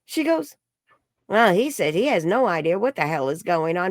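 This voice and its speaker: A woman, an energy healer and psychic, telling a story in an interview and acting out the quoted dialogue in a higher voice. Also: big pitch swings, moderate pace, no echo, clean studio sound. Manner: acts out quoted dialogue with high bright voices.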